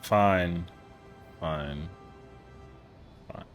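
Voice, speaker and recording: A man live-streams a game, his voice sitting low and moving very slowly, with the highs cut off and soft music in the background. He chats casually, joking around, swearing plenty and putting on mock outrage in a playfully indignant way.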